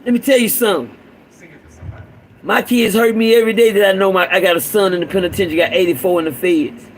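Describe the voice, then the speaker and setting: Casual preacher-style rant from a middle-aged guy with a high voice, fired up, says things over and over, drops low and gravelly when he gets serious. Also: steady tone, fast, a little hiss or hum, low-quality recording. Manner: fervent, repetitive, swings between raised urging and low growl. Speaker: father addressing other fathers. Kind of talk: impassioned street-sermon monologue.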